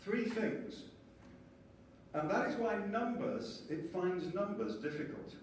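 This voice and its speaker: A man's voice: high voice, slow, a little hiss or hum. Man lecturing in an echoey hall. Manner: lively, explanatory, acts out little scenes. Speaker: conference speaker. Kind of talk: conference lecture. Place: conference hall. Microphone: distant from the mic. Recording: echoey hall from far off, faint ambience.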